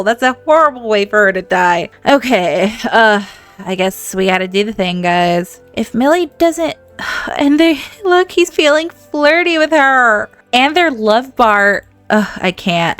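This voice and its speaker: A woman hosting a let's-play, giving game commentary in an animated way, laughing often and talking to her viewers. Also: on the high side. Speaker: gaming channel host.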